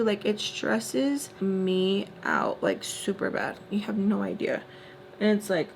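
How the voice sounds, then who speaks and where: A woman's voice: medium pitch, lively intonation, unhurried, vocal fry, a little hiss or hum. A young woman in her twenties telling a story to the camera while doing her makeup, chatty and exasperated as she retells quoted back-and-forth. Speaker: storytime vlogger.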